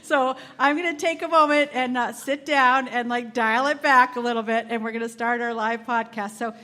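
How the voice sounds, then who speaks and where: Bubbly woman podcast host, high voice, warming up a live audience on a handheld mic. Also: fairly even intonation, moderate pace. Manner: bubbly, laughs often. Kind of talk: live event speech. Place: event room with live audience. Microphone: handheld microphone.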